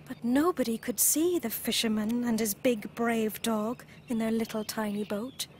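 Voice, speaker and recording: A British woman presenting children's TV and telling a story in an expressive, playful way. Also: a little high, moderate pace, slight background noise.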